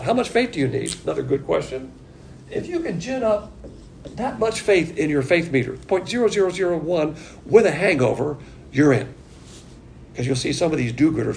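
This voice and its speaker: A man's voice: on the high side, very animated, moderate pace, vocal fry, a little mellow, slight background noise. A man teaching a Bible study in an emphatic, conversational way, full of rhetorical questions.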